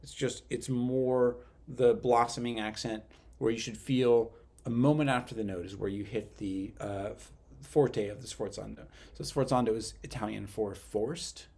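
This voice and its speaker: A man leading a youth orchestra rehearsal, explaining phrasing and singing rhythms on nonsense syllables, with relaxed, hesitant phrasing full of fillers. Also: medium pitch, normal speed, slightly rough. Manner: sings rhythms with syllables to demonstrate. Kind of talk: rehearsal instruction. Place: online rehearsal.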